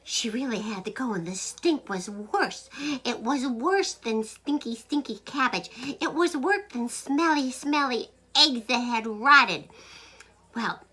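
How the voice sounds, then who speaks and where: A woman telling a funny story to camera in an animated, playful way, sometimes dropping into whispers. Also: on the high side, slow pace, husky. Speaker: joke teller, host.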